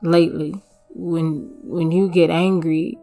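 A woman voicing a weary, secretive husband who speaks in a flat, defensive way. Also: on the low side, slow, soft background music.

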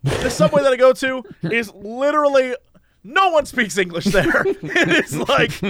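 A man's voice: extremely high pitch, big pitch swings, measured pace, a bit bright, a little hiss or hum. A man hosting a podcast, telling a story in a casual, laughing way. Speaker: podcast host.

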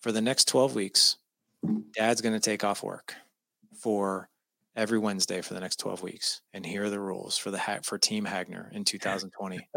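A man's voice: on the low side, flat delivery, normal speed, vocal fry, sharp tone, no echo. A man, a guest on an interview show, telling a personal family story with emotion and emphasis.

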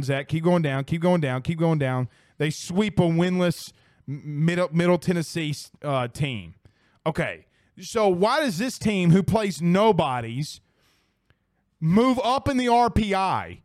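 Animated man hosting a sports show. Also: on the high side, measured pace, dry recording, studio quality. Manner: animated, exclaiming, swearing casually. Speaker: sports podcast host. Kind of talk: casual live-stream chat.

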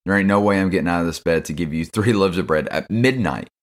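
A man voicing a grumpy, sleepy friend yelling refusals from bed, dismissive and slangy. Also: deep voice, fast talker, lightly acted. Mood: annoyed.

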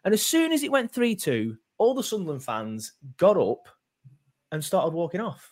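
A man's voice: high-pitched, big pitch swings, moderate pace, a little mellow. A man hosting a casual football fan podcast, rambling with many fillers and restarts. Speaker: podcast host.

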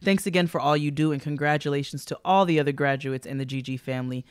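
A woman's voice: low voice, fast, clean tone, no room sound, clean studio sound. A woman co-hosting a podcast, reading listener letters aloud in an upbeat, playful way and hyping up the listeners. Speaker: podcast co-host.

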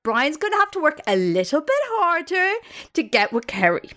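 High, animated woman telling a story. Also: normal speed. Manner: playful, dramatic storyteller. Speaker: podcast co-host. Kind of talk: casual storytelling chat.

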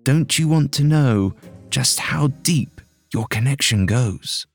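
A man's voice: mid-range voice, animated, takes it slowly, vocal fry, soft background music, voice pushed up, heavily acted. A man voicing an eccentric, cheerful woman researcher in a scripted audio drama, sounding eager and matter-of-fact.

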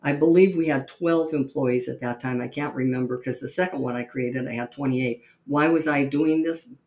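A woman hosting a podcast, telling stories in a lively way and acting out the voices of the people she quotes. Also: extremely low pitch, normal speed, reverberant. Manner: lively storyteller who acts out quoted voices. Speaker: podcast host. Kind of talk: storytelling monologue.

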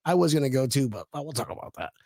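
A man hosting a casual sports fan podcast, excitable and chatty with lots of fillers. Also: medium pitch, racing, gravelly, no room sound, studio quality. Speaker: podcast host.

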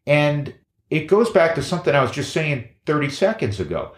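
Emphatic podcast host in a roomy space. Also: male voice, on the high side, normal speed. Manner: energetic, emphatic, repeats key phrases. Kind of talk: casual chat and live ad reads.

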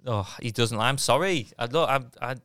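A man's voice: medium pitch, normal speed, fairly bright tone, clear, resonant tone, no room sound. A British man co-hosting a podcast, telling a rambling anecdote with self-mocking asides. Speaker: podcast co-host. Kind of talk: casual storytelling chat. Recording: dry close-miked studio sound.

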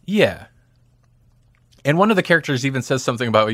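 A man's voice: mid-range voice, very animated, fairly quick, a bit bright, no echo, clean studio sound. A man hosting a podcast, chatting casually about movies in a rambling way and laughing easily. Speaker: podcast host. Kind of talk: casual movie-discussion chat.

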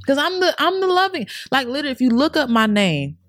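A woman's voice: sits high, very animated, fast talker, a bit bright, dry recording, studio quality. A young adult woman as a podcast guest, telling her life story with earnest, repetitive, slang-filled casual talk. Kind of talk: emotional personal storytelling.

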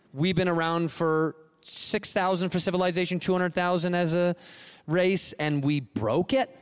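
High-pitched ranting comedian man. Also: clean tone. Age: 30s. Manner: ranting, exasperated, swings loud. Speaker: stand-up comedian. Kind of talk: stand-up comedy set. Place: theater stage with audience.

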